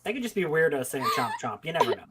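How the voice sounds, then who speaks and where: A woman from Canada with a lively, swinging voice joins a casual group livestream, teasing the host with dry jokes. Other voices chatter around her on the call. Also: sits low, very fast. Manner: teasing, joking.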